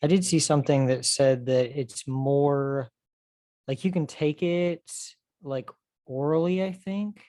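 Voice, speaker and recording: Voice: mid-range voice, steady tone, takes it slowly, mellow, no echo. A podcast co-host in casual chat, thinking aloud with "um" and "like" and reading search results out.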